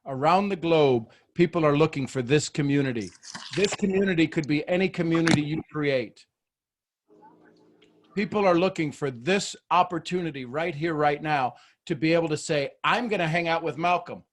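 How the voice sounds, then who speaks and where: A man hosting a leadership video call, joking, animated and preacher-like. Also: fairly high pitch, moderate pace, slight background noise. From Texas, USA. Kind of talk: motivational talk on a group call.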